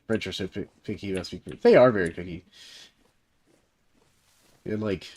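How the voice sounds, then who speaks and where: This deep-voiced, slightly mellow Southern man in his thirties talks at a moderate pace as he plays on stream. A server host and livestreamer, he chats in a laid-back, meandering way, dropping plenty of fillers and little laughs.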